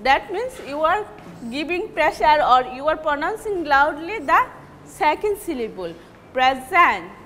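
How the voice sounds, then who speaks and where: A woman teacher with a Bangladeshi accent giving a recorded English lecture, repeating and stressing example words deliberately. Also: sits high, big pitch swings, fairly bright tone, big-room sound, a little hiss or hum.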